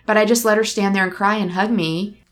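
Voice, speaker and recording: A woman's voice: mid-range voice, steady tone, fairly quick. Woman chatting, telling a story from her life, candid and thoughtful, does the voices of people in it. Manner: candid, reflective, acts out dialogue in her stories. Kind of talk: casual conversation, personal storytelling.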